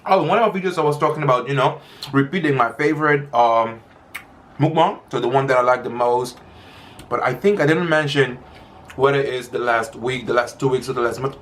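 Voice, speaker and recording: A man's voice: mid-range voice, normal speed, a bit bright. A man chatting casually while he eats in a mukbang video, rambling and stopping to chew between sentences. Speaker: mukbang vlogger. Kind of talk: casual chat while eating.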